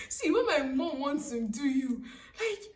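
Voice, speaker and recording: A young woman in her twenties with a Nigerian accent, telling a personal story casually to camera in a chatty, animated way. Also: high-pitched, reverberant, far from the mic. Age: young adult. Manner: chatty, animated, laughing, frequent "so, like". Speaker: vlogger.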